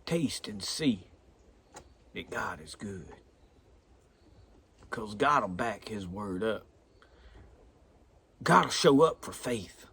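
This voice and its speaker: A man's voice: fairly low pitch, animated, drawn-out words, pauses often, a bit bright, a little hiss or hum. A man with a thick Southern drawl preaching a folksy, earnest sermon. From American South.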